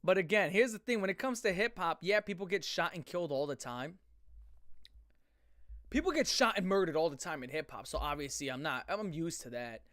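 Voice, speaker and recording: A man's voice: a little high, animated, a little fast, fairly bright tone, no room sound. A man ranting on a live stream, rambling and swearing heavily, often restarting his sentences. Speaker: streamer reacting to chat. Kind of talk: profane live-stream rant.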